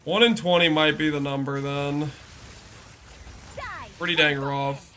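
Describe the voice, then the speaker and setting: Male game streamer, fairly high and very bright tone, chatty live commentary, answers chat as he plays. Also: fairly even intonation, unhurried, slight background noise. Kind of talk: casual live-stream commentary while gaming.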